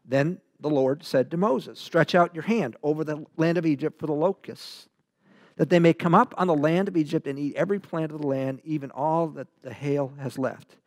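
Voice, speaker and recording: Animated preacher man with rhetorical questions. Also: a little high, normal speed, dry recording, clean studio sound. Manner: animated, rhetorical questions, swings from loud to hushed. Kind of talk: verse-by-verse Bible teaching sermon.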